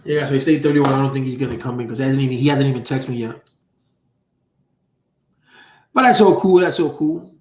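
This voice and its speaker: A man's voice: medium pitch, fast talker, darkish tone, recorded from a distance. A man hosting a casual livestream, telling stories in loose, profane street slang from a room at home. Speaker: livestream host. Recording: roomy echo.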